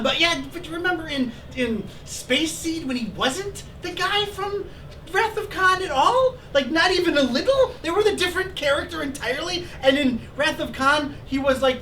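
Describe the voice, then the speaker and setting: A man in his thirties hosting a live stream, talking casually and ranting with animated sarcasm. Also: very high-pitched. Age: 30s. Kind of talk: casual chat. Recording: distant mic with faint noise.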